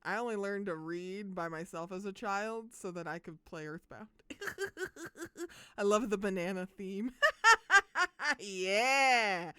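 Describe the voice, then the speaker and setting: A young adult woman streaming games live, chatting casually with viewers, bubbly and quick to swear and laugh. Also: medium pitch, fairly bright tone, clear, resonant tone, no echo. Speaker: game streamer.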